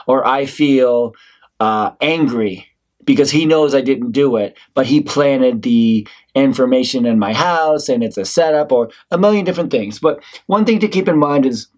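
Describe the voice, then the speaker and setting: Man, acting instructor, mid-pitched voice, conversational lecture, casual teaching. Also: darkish tone. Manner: conversational, demonstrates lines in character.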